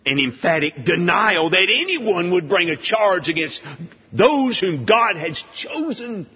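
A man preaching an expository sermon, emphatic and deliberate, firing off rhetorical questions. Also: high-pitched, sing-song, husky. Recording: dull lo-fi audio with long hall reverb.

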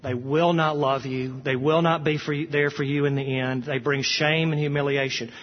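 Male pastor, somewhat high voice, fervent sermon delivery, long church echo. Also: flat delivery, moderate pace. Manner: impassioned preaching, rising for quoted scripture. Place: church sanctuary. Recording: dull sound with long hall reverb.

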